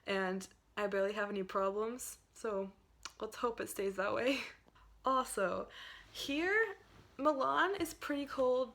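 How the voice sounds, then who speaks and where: A woman's voice: medium pitch, a bit bright. A young woman from Pennsylvania talking to camera in a casual, rambling vlog, full of fillers and hedges. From Pennsylvania, USA. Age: young adult. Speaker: vlogger.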